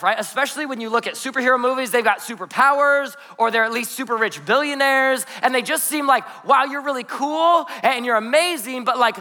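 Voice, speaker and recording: High, bright-voiced joking pastor. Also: male voice. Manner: lively, joking, storytelling with playful asides. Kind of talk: energetic conversational sermon. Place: church auditorium. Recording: long hall reverb in a church.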